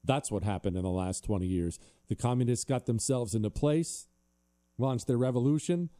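A male talk show host giving a forceful, indignant political monologue and reading an ad. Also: mid-range voice, moderate pace. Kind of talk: opinionated monologue with ad read.

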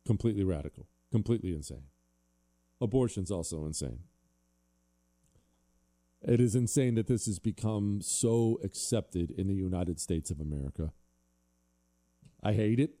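A male talk show host giving a forceful, indignant political monologue and reading an ad. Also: deep voice, expressive, normal speed, pauses often. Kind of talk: opinionated monologue with ad read.

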